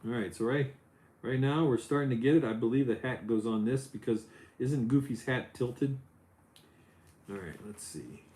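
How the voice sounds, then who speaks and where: A middle-aged man hosting a casual Lego building livestream, loose and chatty, his voice jumping up when he gets excited. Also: medium pitch, moderate pace. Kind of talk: casual chat while building. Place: home office.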